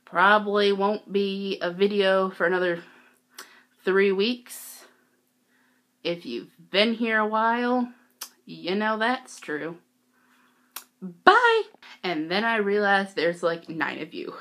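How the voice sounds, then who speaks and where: Teen girl vlogger, bright voice, unhurried, giggly and gushing. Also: medium pitch. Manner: giggly, excitable, peppered with "like". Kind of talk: casual storytelling vlog.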